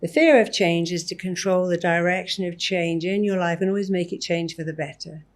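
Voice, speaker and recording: A woman with a somewhat low voice is a guest in an interview. She speaks emphatically and acts out short example lines as she explains. She sounds animated and sure of what she says. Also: fairly quick. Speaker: therapist guest. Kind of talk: interview conversation.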